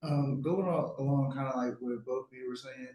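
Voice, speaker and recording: A man's voice: medium pitch, fairly even intonation, normal speed, mellow. A man in a live class who speaks hesitantly as he offers a comment. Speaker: class participant. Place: live class in a Torah center. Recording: roomy, from far off the mic.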